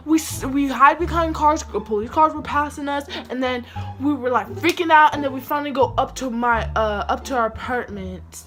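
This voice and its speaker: A woman with a high, bright voice, telling a personal story in a casual story-time vlog. She talks in an animated way, packed with "like" fillers, and swings her pitch up sharply when she acts out other people. Faint music plays underneath.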